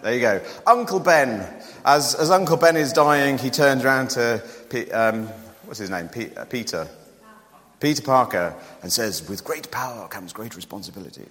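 A man gives a sermon in a conversational, joking tone. His pitch jumps up and down with animation. The voice rings with the long reverb of a large hall. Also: lively intonation, unhurried, a bit bright. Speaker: preacher.

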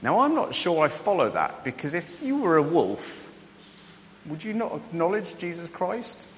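A man's voice: normal speed, big-room sound, a little hiss or hum. A man preaching a sermon in a casual, joking way, asking the listeners questions. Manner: conversational and joking, with lively rises in pitch.

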